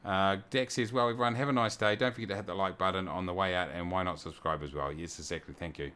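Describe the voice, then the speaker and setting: Low-voiced New man chatting on stream. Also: fairly even intonation, fast, pushed and bright, clear, resonant tone. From New Zealand. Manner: chatty, reads viewer messages aloud and thanks them. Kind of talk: casual livestream chat.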